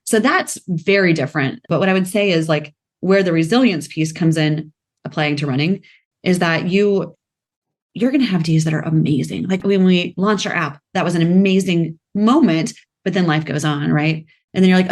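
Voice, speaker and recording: A woman in her thirties, a founder talking as a podcast guest, lively, acting out her own quoted thoughts in a higher voice. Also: normal speed. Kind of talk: conversational interview.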